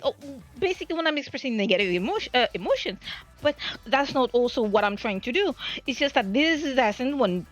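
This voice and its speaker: Woman, streamer, casual monologue, stammering restarts, animated pitch, soft music in the background. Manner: rambling, flustered, stammers and restarts.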